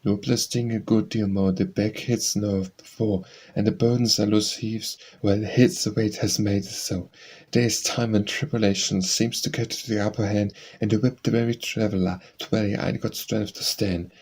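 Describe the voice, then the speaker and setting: A man's voice: fairly low pitch, level tone, moderate pace, darkish tone, slightly rough. A man reading poems aloud for an audiobook, reciting dialect verse in a rhythmic sing-song. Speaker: audiobook reader.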